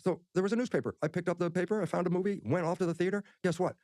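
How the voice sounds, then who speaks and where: Rapid-fire, animated male podcast guest. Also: sits high, no echo, studio quality. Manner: excited, repeats words, breaks into laughs. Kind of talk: animated storytelling in conversation.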